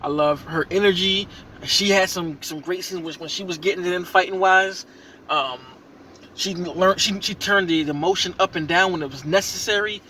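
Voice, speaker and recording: A man giving an excited, rambling reaction review of a movie he just saw, full of slang and restarts. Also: sits high, moderate pace, a little hiss or hum.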